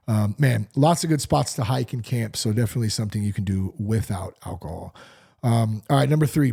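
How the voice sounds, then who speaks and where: Gravelly casual man podcasting. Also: medium pitch, dark tone. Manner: loose, swearing, chatty with many fillers. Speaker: podcast host. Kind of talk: casual solo podcast talk.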